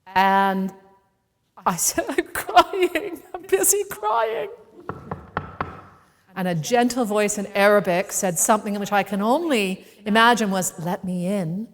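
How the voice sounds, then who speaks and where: A woman speaker telling a personal story to a live audience in a playful, animated way, acting out the voices in it. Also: medium pitch, in a large hall. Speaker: keynote speaker. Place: event venue with a live audience.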